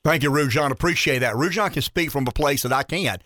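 A man's voice: medium pitch, brisk, bright, forceful tone, no room sound. A man with a rural Southern US accent hosting a talk radio show, speaking in an emphatic, folksy way and repeating words as he builds his points. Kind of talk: opinionated talk radio commentary.

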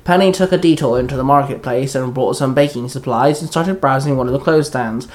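A man reading a fan-fiction story aloud in a plain, steady way with small slips. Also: mid-range voice, a little fast. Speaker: reader.

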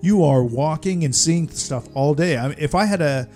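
A middle-aged man co-hosting a casual podcast chat, telling stories in an animated way and laughing often. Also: fairly high pitch, normal speed, faint music behind. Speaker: podcast co-host.

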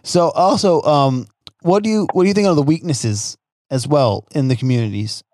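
A man's voice: fairly high pitch, moderate pace, a little mellow, no room sound, clean studio sound. A man hosting a casual chat, rambling with many restarts and fillers. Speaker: podcast host.

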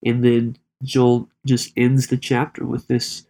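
A man discussing a Bible passage in relaxed conversation, talking with frequent restarts and self-corrections. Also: medium pitch, vocal fry. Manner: conversational, halting, with many restarts. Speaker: Bible study co-host.

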